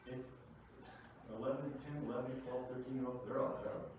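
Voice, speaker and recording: A man giving a lively, conversational presentation to a room of parents, with big swings in loudness. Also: mid-range voice, fairly quick, muffled recording, noisy background. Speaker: workshop presenter. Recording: echoey room from far off.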